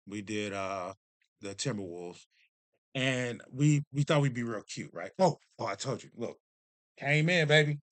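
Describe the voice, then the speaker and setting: A man in his thirties or forties chatting to camera as a vlog host, telling stories in an animated, joking, self-deprecating way. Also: fairly low pitch, unhurried, no echo. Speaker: vlogger host. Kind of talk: casual chat to camera.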